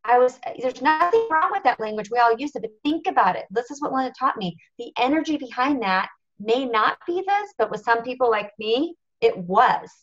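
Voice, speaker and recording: A woman's voice: a little high, animated, moderate pace, hardly any pauses, soft background music. Earnest woman on a lo-fi call. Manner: earnest, confessional, emphatic storytelling. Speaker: national marketing director speaking on a team call. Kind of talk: motivational talk on a conference call. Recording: lo-fi conference call audio.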